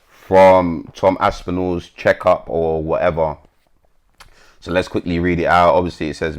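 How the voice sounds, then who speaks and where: A man hosting an MMA commentary channel, chatting bluntly and swearing as he reads posts to his viewers. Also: sits low. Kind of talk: casual commentary, reading posts aloud.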